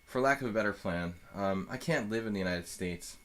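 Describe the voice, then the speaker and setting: A man's voice: fairly low pitch, fairly quick, a bit bright. A man giving live chess commentary as a streamer, thinking aloud in a loose, rambling way full of fillers and restarts.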